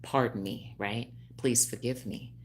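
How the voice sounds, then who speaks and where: A woman in her fifties, a hairstylist speaking on a phone livestream, animated and preachy with frequent laughs. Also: very deep voice, a little slow, noisy background. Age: 50s. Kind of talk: casual livestream talk.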